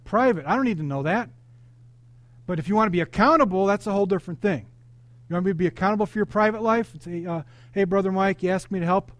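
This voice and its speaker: High-voiced man preaching to a congregation. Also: fast, no room sound. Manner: animated, interactive preaching with congregation call-outs. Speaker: pastor. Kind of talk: sermon.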